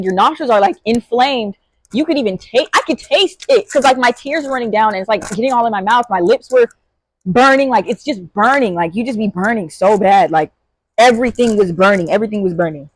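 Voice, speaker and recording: Young woman, casual storyteller, slangy and animated, slightly high-pitched, dry recording. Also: dry recording, low-quality recording. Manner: animated, swings into high-pitched shouts when reenacting; casual slangy talk with many fillers. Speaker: vlogger.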